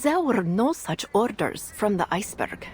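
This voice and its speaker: A woman voicing a cold, fanatical female Ritualist officer who speaks with calm, chilling devotion in a game. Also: mid-range voice, normal speed, breathy edge. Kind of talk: game voice acting.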